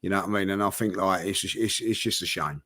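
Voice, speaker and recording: A man's voice: low voice, fairly even intonation, brisk, pushed and bright. A man chatting on a football panel, rambling with lots of fillers and restarts. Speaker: football fan pundit. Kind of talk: casual panel chat.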